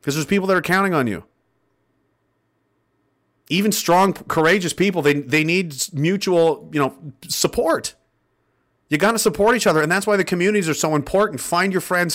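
A man's voice: a little high, moderate pace, long pauses, a bit bright. Fired-up, profane male commentator. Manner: profane, rambling, fervent, with restarts. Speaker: online commentator. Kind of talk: impassioned monologue.

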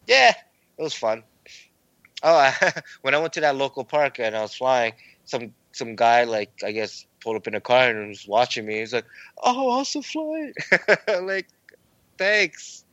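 A man's voice: medium pitch, normal speed, no echo, dull audio. Young male co-host, casual and giggly, recorded dry. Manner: laughs often, animated storytelling. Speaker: podcast co-host. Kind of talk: casual chat.

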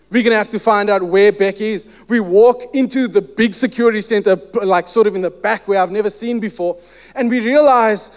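High, smooth-voiced male preacher. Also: in a large hall. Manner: animated storyteller who acts out quoted dialogue. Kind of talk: sermon with personal storytelling.

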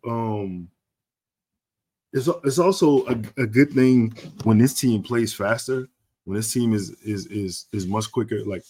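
A man co-hosting a casual podcast, laid-back and halting, often restarting his sentences as he thinks. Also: lowish voice. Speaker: podcast co-host. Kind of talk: casual sports and culture chat.

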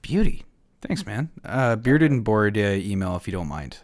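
A man's voice: on the low side, sing-song, moderate pace, dry recording. A man hosting a podcast, chatting casually in a blunt manner and swearing freely. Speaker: podcast host. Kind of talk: casual chat.

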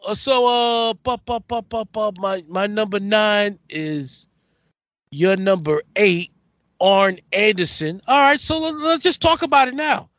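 A man hosting a casual chat, excitable, stammering and repeating himself for emphasis. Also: high voice, unhurried, dry recording. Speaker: podcast host. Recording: dull, dry lo-fi recording.

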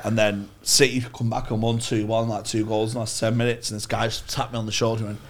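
A man's voice: lowish voice, flat delivery, fast, a little hiss or hum. A man, telling rambling, sweary anecdotes on a podcast. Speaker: podcast co-host. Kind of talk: casual storytelling chat.

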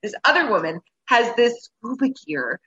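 A woman, a guest on a show, telling a travel story in a casual, animated way and acting out her own reactions. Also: fairly high pitch, moderate pace, highs cut off.

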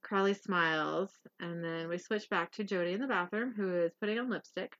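A woman's voice: fairly low pitch, fairly quick, fairly bright tone, lo-fi sound. A woman hosting a casual podcast, recapping a TV episode in a chatty way with fillers and laughter.

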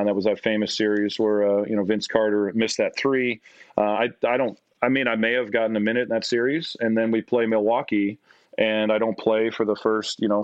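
A middle-aged man with a Canadian accent, a podcast guest telling stories in a casual, animated way. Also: no room sound. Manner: animated, acts out quotes in a higher voice. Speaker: podcast guest, former basketball player. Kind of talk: casual storytelling. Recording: dry, slightly dull audio.

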